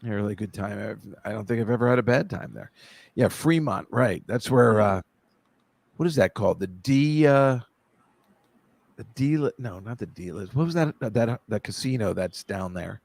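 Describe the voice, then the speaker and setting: A man's voice: lowish voice, expressive, vocal fry, darkish tone, no room sound. Rambling man hosting a casual chat. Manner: rambling, halting, full of fillers. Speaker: podcast host.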